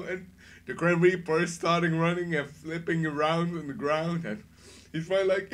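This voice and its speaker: A man giving a casual spoken review, rambling and excitable, often laughing between his thoughts. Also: a little high, normal speed. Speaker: anime reviewer.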